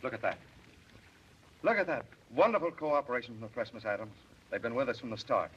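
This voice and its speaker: An actor playing a busy, flirtatious male government official in a 1930s film, talking fast and joking. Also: medium pitch, big pitch swings, slightly rough. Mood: brisk. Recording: dull old 1930s film soundtrack.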